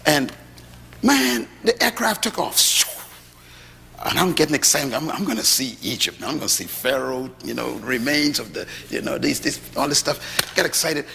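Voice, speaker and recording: Animated preacher man in an echoey hall. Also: mid-range voice, moderate pace, creaky, a little hiss or hum. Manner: lively preaching with rhetorical questions and humorous storytelling. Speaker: pastor. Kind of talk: sermon. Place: large hall with audience. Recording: echoey hall, faint ambience.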